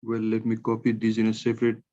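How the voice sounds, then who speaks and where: A man's voice: lowish voice, monotone, warm tone, muffled recording. Nepali-accented man dictating a grammar lesson. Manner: slow, dictating sentences word by word. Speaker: English teacher.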